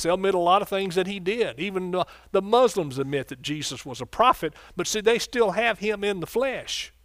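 A man preaching from the pulpit, his voice sitting fairly high for a man and recorded dry and close. He keeps asking the congregation if they are with him. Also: no echo. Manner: preacherly call-and-response, asks congregation questions. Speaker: pastor. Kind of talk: sermon.

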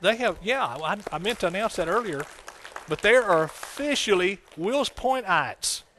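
A man's voice: high voice, lively intonation, moderate pace, fairly bright tone, a little hiss or hum. A man preaching a folksy, conversational sermon, with frequent amens and hallelujahs. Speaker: pastor.

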